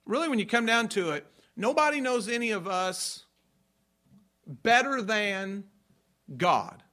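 A man delivers a sermon as a pastor, his voice pitched high and bright in tone. He preaches emphatically, hammering home points by repeating them and stopping to ask whether the congregation follows. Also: expressive, a little slow.

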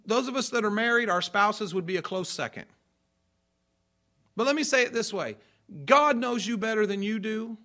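A man delivers a sermon as a pastor, his voice pitched high and bright in tone. He preaches emphatically, hammering home points by repeating them and stopping to ask whether the congregation follows. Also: normal speed, long pauses.

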